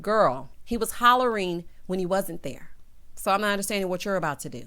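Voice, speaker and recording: A woman's voice: mid-range voice, lively intonation, fairly quick, pushed and bright. A woman giving a sassy, opinionated recap of a TV episode and talking straight to her viewers. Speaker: TV recap vlogger.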